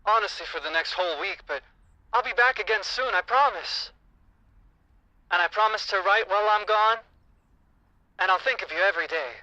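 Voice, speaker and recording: A man's voice: high-pitched, moderate pace, pauses often, pushed and bright, no room sound, dull audio, pitched above the performer's own voice. Man hamming up a sentimental old-movie hero. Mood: tender. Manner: theatrical, melodramatic, drawling.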